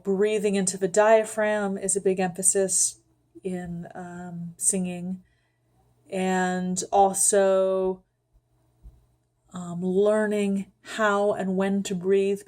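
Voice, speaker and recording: A woman giving a calm, unhurried voice lesson, guiding the listener step by step with frequent ums. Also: mid-range voice. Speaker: voice teacher. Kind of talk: vocal instruction with sung demonstrations.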